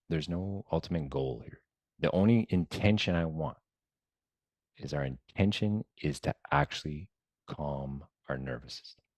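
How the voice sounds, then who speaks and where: A man leading a meditation lesson in a relaxed, chatty way, often dropping to soft murmurs and mumbling. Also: very deep voice, no echo. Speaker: meditation guide. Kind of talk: casual guided-meditation talk.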